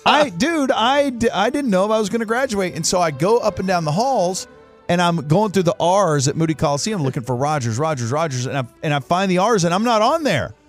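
Animated man telling a story. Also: high voice, brisk, soft background music. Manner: animated storyteller, acts out family voices. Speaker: co-host. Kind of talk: casual sports chat.

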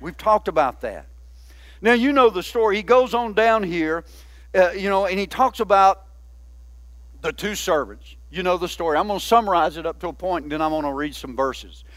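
A man's voice: high-pitched, normal speed, fairly bright tone, dry recording. A man, a pastor, preaching a sermon in a folksy, conversational way with many asides to the church.

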